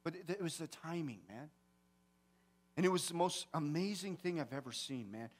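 A man with a fairly high voice delivers a sermon in a church. He talks casually with the congregation and acts out his own story with sudden loud outbursts and quiet asides. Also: moderate pace. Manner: animated storytelling, swings from quiet to shouting. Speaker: pastor. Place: church sanctuary.

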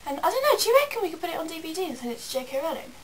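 A woman with an Australian accent, co-hosting a vlog in excitable casual chat and gushing about things. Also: extremely high pitch, rapid-fire, slight background noise, low-quality recording. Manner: animated and gushing. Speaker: vlog co-host.

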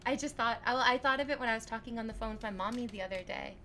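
A woman streaming live while sick, excitedly thanking her chat for donations, gushing, swearing freely and squealing. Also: fairly high pitch, fast talker, hardly any pauses, slight background noise.

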